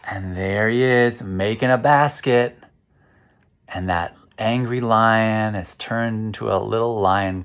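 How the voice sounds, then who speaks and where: Slow-paced man reading a children's book aloud, gentle and questioning, leading kids through breaths. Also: lowish voice. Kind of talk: interactive read-aloud for kids.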